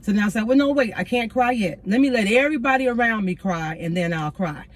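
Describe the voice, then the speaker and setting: A woman's voice: on the high side, lively intonation, quick pace. A woman, a teacher, sitting in her car and telling a personal story to viewers in a casual, earnest and reflective way, with spiritual turns. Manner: casual, addresses viewers as y'all. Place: inside a parked car.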